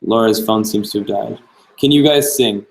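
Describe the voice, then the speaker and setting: A man's voice: fairly low pitch, normal speed, gravelly, darkish tone, low-quality recording. A young man hosting a live-stream Q&A, answering viewer questions in an easygoing way and thinking aloud as he goes. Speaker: travel vlogger host.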